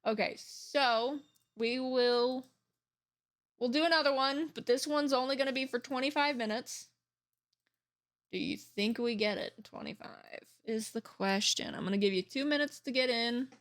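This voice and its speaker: A woman in her thirties streaming from home, chatting casually in a rambling, emphatic way with quick laughs and cursing. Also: sits high, a bit bright. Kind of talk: casual live-stream chat. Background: faint game music.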